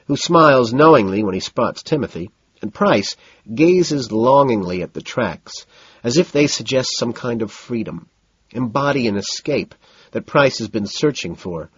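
A male narrator reads a first-person story in a cool, detached way, cataloguing details one after another. His voice is husky but moves lively in pitch. The recording is dry and a little dull. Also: a little slow, dry recording.

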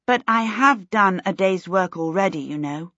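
A woman voicing a grumpy, sharp-tongued young girl in a storybook reading, snappish and bossy. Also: medium pitch, lively intonation, moderate pace, no room sound, lo-fi sound.

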